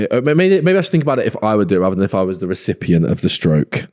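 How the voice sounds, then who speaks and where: A man's voice: fairly low pitch, very animated, quick pace, darkish tone. A man, chatting as a podcast guest, laughing often and acting out lines he quotes. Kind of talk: casual chat.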